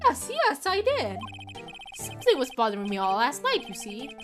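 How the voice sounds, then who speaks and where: A woman's voice: high-pitched, huge pitch swings, music in the background. A woman voicing a fussy elderly male lawyer who rambles, hesitates and keeps saying "my boy". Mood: fretful. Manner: halting, nostalgic, calls others "my boy".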